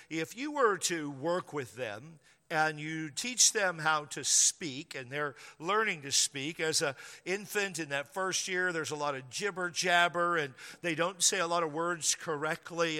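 A man preaching a sermon as pastor, telling stories and slowing down to stress key words. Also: high-pitched, sharp tone. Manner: storytelling, slows down for emphasis, plays out quoted voices. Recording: long church hall reverb.

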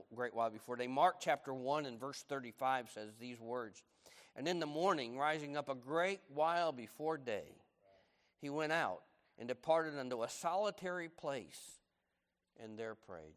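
A middle-aged man preaching a sermon, swinging from loud, animated emphasis to hushed, low tones. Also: long reverb tail. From United States. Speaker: pastor.

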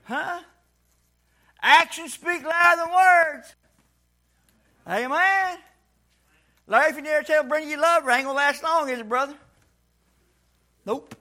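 In a very high voice, a man preaches to a church congregation in a folksy style. He calls out for responses and sometimes shouts.

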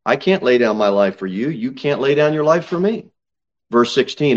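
A male pastor preaching at the pulpit of a church, reading scripture aloud. He leans on slow, drawn-out stresses and climbs to sudden raised peaks when he drives a point home. His voice sits in a middle pitch, and the recording sounds dull and lo-fi. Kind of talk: sermon.

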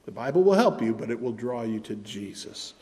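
A man preaching a sermon with impassioned, pleading delivery that swings between loud and soft. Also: medium pitch, big pitch swings, brisk. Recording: long hall reverb.

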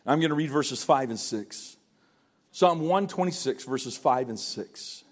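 A man's voice: medium pitch, animated, unhurried. An older man preaching a sermon in a pleading, earnest way, often stammering and repeating phrases. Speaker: pastor.

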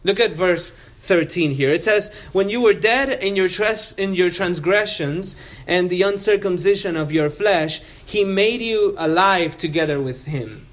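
Man preaching, high voice, earnest and emphatic, reading scripture aloud. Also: unhurried, few pauses, a bit bright. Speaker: pastor. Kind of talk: expository sermon.

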